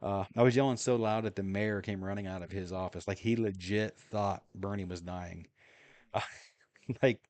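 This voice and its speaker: A man's voice: low-pitched, steady tone, normal speed, darkish tone, dry recording. A man telling a long story in a casual, rambling way while playing a game, full of fillers and chuckles. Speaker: gaming streamer.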